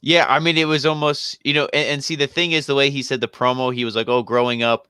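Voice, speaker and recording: Male co-host, mid-pitched, laid-back rambler, dry close sound. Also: fast, smooth, no room sound. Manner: relaxed, rambling, heavy on fillers like "you know" and "I mean". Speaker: co-host of a wrestling review show. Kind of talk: casual podcast chat.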